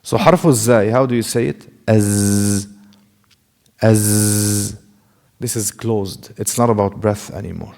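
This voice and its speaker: A man's voice: lowish voice, moderate pace, gravelly, few pauses, a little mellow, big-room sound. A man teaching a classroom lecture, explaining carefully, demonstrating sounds himself and asking the class rhetorical questions. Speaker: Quran recitation teacher. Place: mosque classroom.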